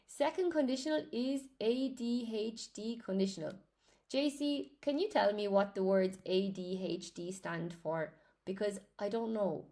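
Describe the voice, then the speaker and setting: A woman teaching English in a chatty live lesson, greeting viewers by name as she explains grammar. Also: fairly high pitch.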